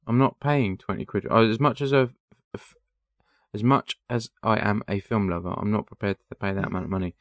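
Deep-voiced man ranting. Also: fairly even intonation, brisk, no room sound. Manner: ranting, sarcastic. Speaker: podcast co-host. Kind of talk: casual chat.

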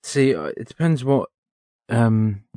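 A man's voice: medium pitch, very animated, takes it slowly, mellow, no room sound, studio quality. A man co-hosting a casual podcast, giving sarcastic, ranting answers. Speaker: podcast co-host. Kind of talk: casual chat.

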